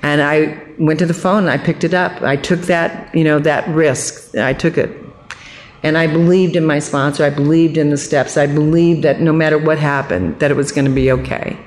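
A woman's voice: sits low, steady tone, moderate pace. An older woman gives a personal recovery testimony to a support group. She tells it with humor and animation, slipping into the voices of the people she quotes. A faint hum sits behind her voice. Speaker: recovery meeting speaker.

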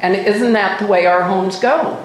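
An older woman speaks at a measured pace into a podium microphone in a meeting room, sharing her personal story at a recovery meeting. Her medium-pitched voice sounds roomy on this low-quality recording, and she's candid, self-mocking, and wryly funny.

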